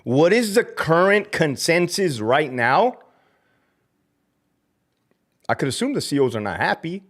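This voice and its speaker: A man's voice: fairly high pitch, big pitch swings, moderate pace, fairly bright tone. A middle-aged man hosting a livestream, ranting about his former job with profanity and Spanish slang while answering chat. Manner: profane, fired-up, mocking, peppered with Spanish slang. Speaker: livestream host, former corrections officer. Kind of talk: heated livestream rant reading chat comments.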